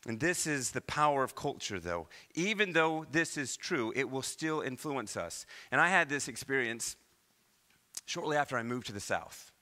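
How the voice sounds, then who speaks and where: A man from Iowa preaching a sermon as pastor, with animated delivery and many rhetorical questions. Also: medium pitch, moderate pace. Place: church.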